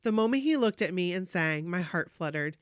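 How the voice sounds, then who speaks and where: A woman podcast host reading a listener's fan story aloud, animated and gushing, with emotional asides. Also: fairly low pitch, a little fast, smooth, no room sound, studio quality.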